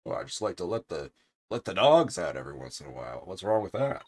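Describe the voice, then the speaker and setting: Guy doing a loud jolly game detective, deep voice, bounces all over. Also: big pitch swings, fast talker, slight background noise. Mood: jovial. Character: boisterous cheerful male police detective.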